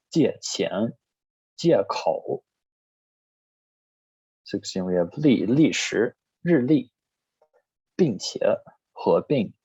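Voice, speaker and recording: A man teaching a recorded language lesson, reading word lists one item at a time in a plain, steady way. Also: fairly low pitch, slightly rough, no echo. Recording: slightly dull lo-fi recording.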